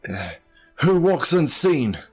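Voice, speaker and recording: A man's voice: big pitch swings, slow pace, breathy edge, faint music behind, full character voice. A man voicing a jittery, stammering young scribe. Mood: wary, nervous. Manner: stammering, high-strung pleading. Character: lean, skittish young man scribe, jumpy and easily terrified.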